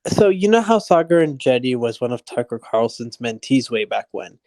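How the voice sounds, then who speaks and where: A man co-hosting a political livestream with blunt opinions, often stumbling and restarting his sentences. His voice sits at a middle pitch, and the sound is dry and close. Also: sing-song, normal speed, darkish tone, no echo. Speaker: livestream co-host. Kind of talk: casual political commentary chat.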